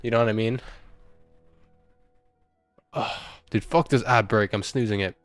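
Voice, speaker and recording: Slow-talking young man, close to tears. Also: fairly low pitch, steady tone, no room sound, soft background music. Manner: emotional, sighing, casual slang. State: on the verge of tears. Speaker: game streamer. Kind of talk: casual live-stream chat.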